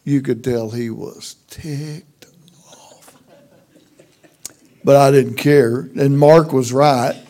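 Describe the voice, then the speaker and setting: With a warm tone and medium pitch, this middle-aged man with a Texas accent preaches a funny sermon built on homespun stories that poke fun at himself.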